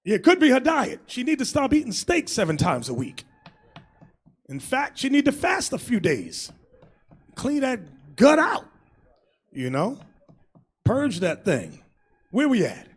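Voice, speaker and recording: A man preaching as a bishop, loud and crude, shouting and laughing as he mocks people in put-on voices. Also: very high-pitched, wildly swooping pitch, a little slow, long pauses, husky.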